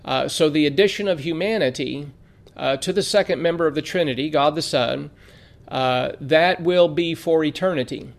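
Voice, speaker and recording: A man teaching a theology lesson in a measured way, reading scripture aloud with frequent "uh" fillers. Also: fairly high pitch, creaky. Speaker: Bible teacher. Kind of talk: theology lecture.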